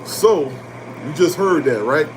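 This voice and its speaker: A man hosting an animated motivational talk on finance, blunt and preachy, repeating his points and swearing casually. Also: on the high side, slow, background noise. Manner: preachy and emphatic, repeating lines for effect. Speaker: host.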